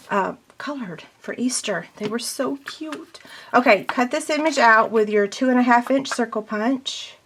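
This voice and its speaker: A woman's voice: mid-range voice, a bit bright. Woman craft demonstrator, casual how-to delivery, mid-range voice, faint noise floor. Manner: chatty, step-by-step, self-deprecating.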